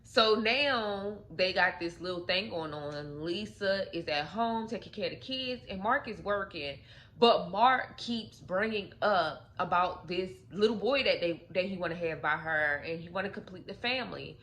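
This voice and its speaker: A young woman with a bright, sharp-edged voice spins a story-time tale in a loose, chatty way. She keeps dropping in "like" and talks straight to her viewers as if gossiping with friends. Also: lowish voice, moderate pace, slight background noise. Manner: chatty, loose, lots of "like" fillers, addresses viewers as y'all. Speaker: storytelling channel host. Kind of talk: casual story-time retelling.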